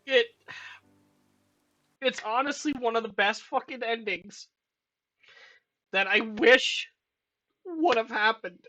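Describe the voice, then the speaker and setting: An excitable woman giving a casual reaction commentary, swearing freely and breaking into emotional outbursts. Her voice sits fairly high and sounds bright and forceful. She draws her words out at an unhurried pace. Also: soft background music, rough recording. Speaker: channel host reviewing films.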